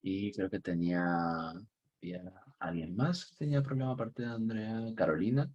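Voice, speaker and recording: A man runs an online English lesson over a video call, his low voice coming through dull, lo-fi computer audio. He stays chatty and upbeat, chuckling easily and leaning hard on the key words. His voice sounds a little husky. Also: brisk, a little mellow. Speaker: English teacher. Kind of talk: online class teaching. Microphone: computer mic on a video call.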